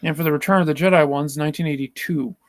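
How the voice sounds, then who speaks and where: A man co-hosting a live stream in casual chat, talking haltingly and restarting his sentences. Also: a little high, steady tone, no room sound. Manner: halting, with repeated starts.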